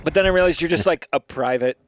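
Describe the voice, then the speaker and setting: Excitable, foul-mouthed male podcast host. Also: on the high side, fast, no echo. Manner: excitable, profane, rambling and self-amused. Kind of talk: casual comedic chat.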